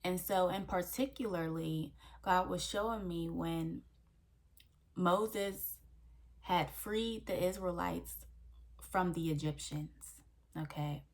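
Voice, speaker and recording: Earnest woman preaching, lowish voice. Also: takes it slowly. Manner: earnest, repeats key phrases, frequent "okay?" check-ins. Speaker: faith coach and channel host. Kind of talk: devotional teaching to camera.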